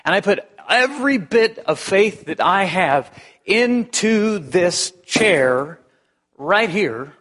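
A man's voice: sits high, lively intonation, slow pace, fairly bright tone. A male pastor preaching a sermon in a conversational way, restarting phrases and firing rhetorical questions. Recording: long hall reverb.

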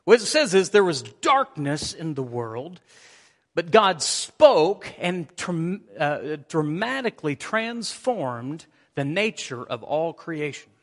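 A man delivers a lively sermon from the pulpit, reading passages and calling on listeners. His voice sits a little high for a man. The sound carries a long church reverb. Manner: energetic preaching, reads scripture aloud, engages congregation. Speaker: pastor. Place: church sanctuary.

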